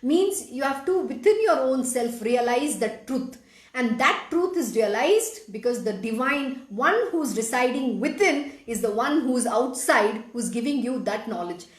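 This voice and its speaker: A spiritual teacher, a woman, reads devotional scripture aloud and then explains it with earnest emphasis. Her voice is fairly high and expressive, unhurried, with a reverberant sound.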